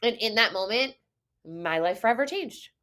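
A woman's voice: fairly high pitch, lively intonation, normal speed, fairly bright tone. A woman talks through her own story on her podcast in a loose, casual monologue. She is candid and emotional, swears freely and laughs often between her thoughts. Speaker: podcast host and business coach.

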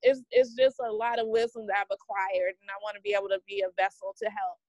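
A woman's voice: mid-range voice, steady tone, fast talker, darkish tone, no echo, dull audio. A woman in her forties with a Southern US accent, a podcast guest talking in an upbeat, motivational way. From American South. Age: 40s. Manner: upbeat, motivational, says "honey". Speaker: podcast guest, business coach. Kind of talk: conversational interview.

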